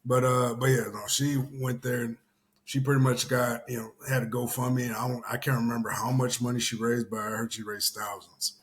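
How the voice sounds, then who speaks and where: A man's voice: mid-range voice, little pitch movement, fairly quick, a bit bright. Casual commentary host: young man from Houston, rambling delivery, loose with curse words. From Houston area. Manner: rambling, swears casually, many fillers. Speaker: show host.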